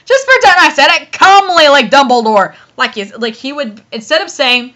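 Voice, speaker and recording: A woman reads a bad fan fiction aloud and mocks it as she goes. Her voice is high and bright, and it swings widely as she erupts into exasperated shouts. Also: lively intonation, normal speed. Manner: bursts into loud exasperated shouts and laughter. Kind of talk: comedic dramatic reading with commentary.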